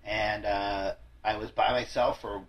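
A man's voice: on the low side, flat delivery, a little slow, fairly bright tone, rough recording. A man hosting a podcast in casual chat, rambling and self-deprecating, with frequent swearing and restarts. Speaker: podcast host.

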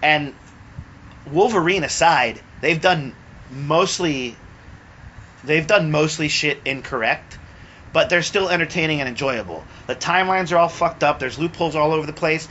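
A man's voice: fairly high pitch, moderate pace, fairly bright tone, muffled recording, a little hiss or hum. A man hosting a casual podcast from home, chatting in a loose, profane, laid-back way. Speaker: podcast host.

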